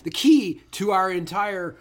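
Lively, jokey podcast co-host man. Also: high voice, a little slow. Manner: jokey and playful, riffing on tangents. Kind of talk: casual comedic chat.

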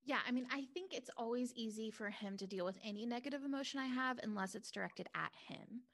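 A woman's voice: a little high, fast talker, fairly bright tone. A woman guest talking openly and reflectively in an interview, in loose run-on phrases. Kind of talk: candid interview conversation.

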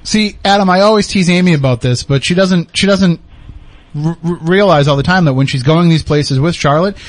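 A man's voice: fairly high pitch, no echo. A man hosting a casual podcast chat who likes to tease his guests. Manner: fast-talking and teasing. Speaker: podcast host.

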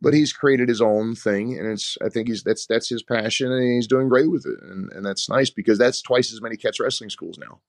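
A man who is a head wrestling coach, telling rambling, animated stories in a casual interview and often repeating his words. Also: medium pitch, moderate pace, gravelly, few pauses, no room sound, clean studio sound.

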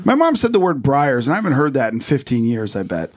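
A middle-aged man co-hosting a podcast, telling rambling stories in casual chat and getting animated when he quotes people. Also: medium pitch, quick pace. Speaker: podcast co-host.

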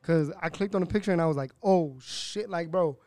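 A young man co-hosting a podcast, telling stories in excited, slangy bursts. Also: fairly high pitch, a little fast, no room sound, studio quality. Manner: excitable, animated storytelling with slangy exclamations. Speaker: podcast co-host. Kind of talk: casual podcast banter.

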